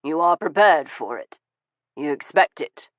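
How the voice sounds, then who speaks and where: A man voicing a weary, bitter Victorian gentleman. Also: on the high side, expressive, unhurried, no room sound. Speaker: audiobook voice of a male character. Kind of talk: audiobook dialogue reading. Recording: dull, dry studio audio.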